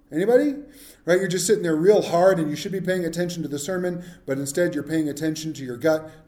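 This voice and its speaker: A pastor preaching a sermon in a humorous, conversational way, often putting questions to the congregation. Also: male voice, on the high side, mellow, echoey room.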